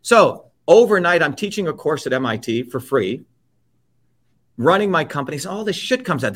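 A man's voice: fairly high pitch, big pitch swings, normal speed. Blunt, emphatic man in his fifties. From India. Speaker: interview guest. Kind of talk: impassioned personal storytelling.

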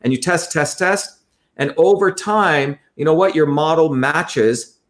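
A man's voice: a little high, a little slow. A man talking in an interview, explaining at length in an earnest, lecturing way and often repeating his phrases. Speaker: guest.

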